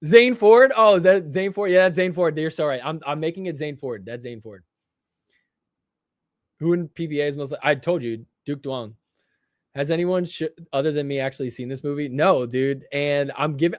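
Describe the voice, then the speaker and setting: A young man hosting a casual live stream, reacting to clips with excitement and frequent laughter. His voice sits a little high, and the sound is dry and close, with no room around it. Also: normal speed, no room sound. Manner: excitable, joking, laughs often. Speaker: livestream show host.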